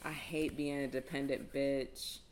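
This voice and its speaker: A woman's voice: rumbling low, flat delivery, a little slow. A woman co-hosting a podcast in casual chat, laughing often, slangy and loose with casual swearing. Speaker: podcast co-host. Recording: noisy background.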